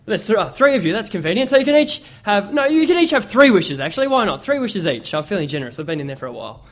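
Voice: mid-range voice, very animated, fast. A speaker doing an offhand, weary genie. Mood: generous. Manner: offhand and bored.

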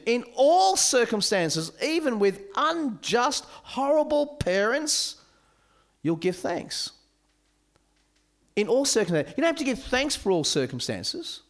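Casting: male camp speaker, bright voice, swooping delivery, joking sermon to youths. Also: sits high. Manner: animated, joking with a youth audience.

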